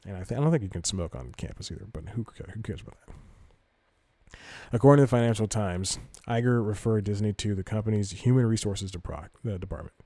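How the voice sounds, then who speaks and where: A man's voice: on the low side, fast talker, dark tone, no room sound. A man hosting a podcast, reading entertainment news aloud and rambling through it with self-corrections and casual asides. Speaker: podcast host.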